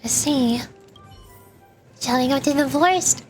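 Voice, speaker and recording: A high-voiced vtuber streamer reads a game's dialogue aloud while playing, voicing every character and dropping in casual asides. She keeps a measured pace, with game music playing behind her voice.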